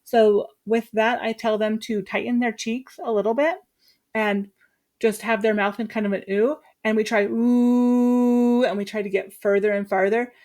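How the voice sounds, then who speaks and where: A woman from Utah, a teacher, chatting casually and lively as she walks through her lesson plan with quick asides. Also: mid-range voice. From Utah, USA.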